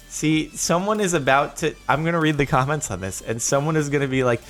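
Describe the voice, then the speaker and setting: A man hosting a casual video reaction, chatty and quick to laugh. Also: fairly high pitch, fairly bright tone, soft background music. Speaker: YouTube host.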